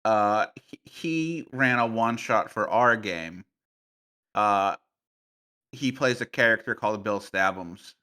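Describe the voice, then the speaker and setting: A man guesting on a podcast, telling tabletop game stories in a playful, animated way with plenty of fillers. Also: fairly low pitch, slow pace, clean tone. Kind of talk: casual podcast conversation.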